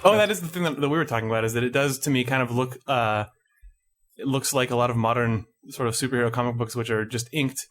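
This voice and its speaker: A man's voice: mid-range voice, fast, a bit bright. A man co-hosting a podcast, talking in a wry, joking, loose and rambling way. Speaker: podcast co-host. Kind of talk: casual chat.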